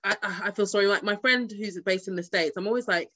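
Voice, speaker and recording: A woman's voice: medium pitch, a little fast, sharp tone. A woman in a casual podcast chat, chatty and joking, with frequent "mm" responses. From London. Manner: chatty, joking, says "mm" a lot. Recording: muffled line with background noise.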